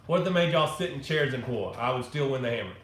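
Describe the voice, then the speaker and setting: Casual man hosting a live chat, halting comment reader, voice bouncing around a roomy space. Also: medium pitch, lively intonation, a little hiss or hum. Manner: loose, halting, reads comments aloud with restarts. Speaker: live-stream host answering viewer comments. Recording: echoey room with faint ambience.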